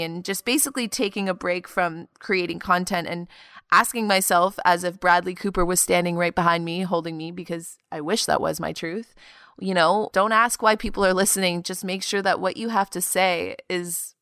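Here a young woman in her twenties muses on her own podcast, her medium-pitched voice full of vocal fry. She confides earnestly with soft laughs here and there, recorded at studio quality with no room sound.

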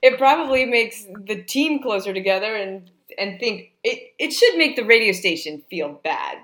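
A woman's voice: a little high, expressive, moderate pace, a bit bright. A woman co-hosting a casual sports podcast, bantering with strong opinions and laughing often. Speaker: podcast co-host.

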